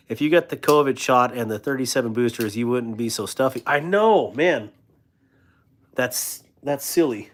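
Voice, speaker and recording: A man's voice: mid-range voice, expressive, normal speed. Joking, rambling man on a live stream. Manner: reads viewer comments aloud and riffs on them with frequent laughter. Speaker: livestream host of a knife channel. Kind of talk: casual live-stream chat.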